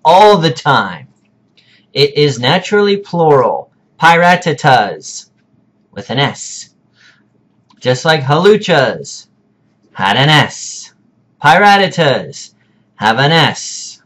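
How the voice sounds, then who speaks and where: A man hosting a casual vlog, delivering a mock-serious rant with deadpan, exaggerated indignation and drawn-out pronunciations. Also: on the high side. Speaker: video host.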